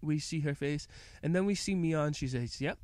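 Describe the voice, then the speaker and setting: Smooth-voiced man rambling through a recap. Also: fairly high pitch, normal speed, darkish tone, no room sound. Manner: rambling, hesitant, many fillers. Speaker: anime reviewer. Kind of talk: casual episode recap.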